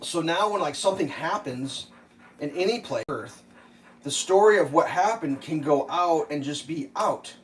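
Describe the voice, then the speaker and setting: A livestream host with a slightly high, expressive voice rambles at a moderate pace while cooking, swearing and using lots of fillers. The rough recording carries a little hiss or hum, with faint kitchen clatter behind him.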